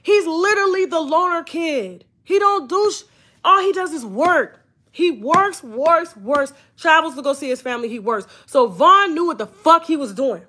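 A woman, hosting a blunt, profane, animated storytime commentary. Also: sits high, normal speed. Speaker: commentary channel host.

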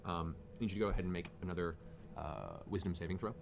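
Deep fast-talking game master. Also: male voice, vocal fry. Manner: descriptive, fast narration with fillers. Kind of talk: narrating a tabletop game. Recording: noisy stream audio.

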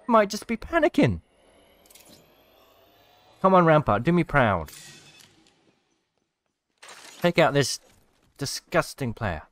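A man's voice: on the high side, huge pitch swings, unhurried, a bit bright. A man giving casual commentary over gameplay, cheering at the screen and mocking the players he watches. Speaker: gaming commentator.

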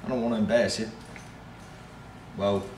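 A man's voice: fairly low pitch, normal speed, echoey room, recorded from a distance, slight background noise. A young man chatting and joking goofily on a casual live stream from his house. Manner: goofy, joking, excitable.

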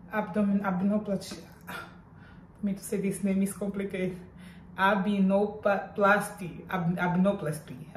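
A middle-aged woman vlogging casually in while in pain after surgery, talking in a strained, halting way with groans. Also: medium pitch, mellow, distant mic, a little hiss or hum. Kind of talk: casual vlog. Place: hospital room. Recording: echoey room, voice off-mic at times.

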